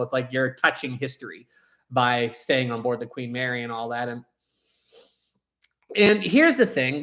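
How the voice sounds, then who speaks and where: A young man hosting a casual live stream, rambling and animated, often restarting his sentences and reading viewer chats aloud. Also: medium pitch.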